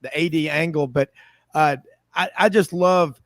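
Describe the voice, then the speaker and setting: Man, radio host, slightly high, dry close sound, chatty, rambling. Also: measured pace, no echo. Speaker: sports talk host. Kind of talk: radio talk show.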